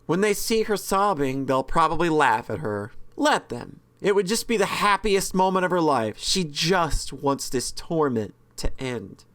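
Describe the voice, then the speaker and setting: A man's voice: fairly high pitch, big pitch swings, measured pace, hardly any pauses, a bit bright. A man reading a horror visual novel's narration aloud with casual, joking asides and frequent self-corrections. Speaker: let's-play host reading a visual novel.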